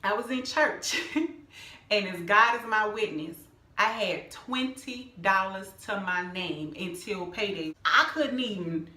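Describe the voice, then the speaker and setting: Bright, animated woman telling a testimony. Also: medium pitch, slow pace, roomy sound. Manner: animated, emphatic, addresses viewers as "y'all". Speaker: vlogger sharing a personal testimony. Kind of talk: casual storytelling testimony.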